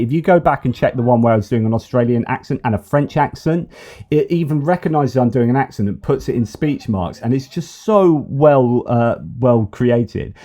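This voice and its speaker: Guy hosting a news commentary channel, mellow warm voice, lots of uhs and restarts, keeps saying brilliant. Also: medium pitch. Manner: rambling, with many fillers and restarts; enthusiastic, repeating praise.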